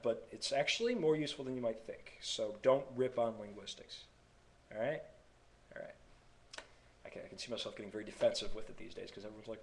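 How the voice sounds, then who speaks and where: A man's voice: medium pitch, fast talker, darkish tone, low-quality recording. A young man from North Carolina in his twenties, chatting to camera in a rambling, digressive way. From North Carolina, USA. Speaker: vlogger. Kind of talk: casual vlog talk to camera.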